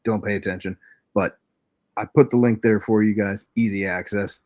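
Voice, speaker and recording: A man's voice: lowish voice, steady tone, moderate pace, a little mellow, no room sound. Man casually explaining trading, dry sound. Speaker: co-host. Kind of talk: live trading chat.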